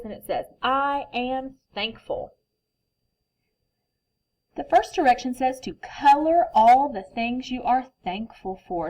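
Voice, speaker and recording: A woman teacher reading a picture book to children, then giving instructions in a gentle, expressive, patient way. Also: sits high, poor audio.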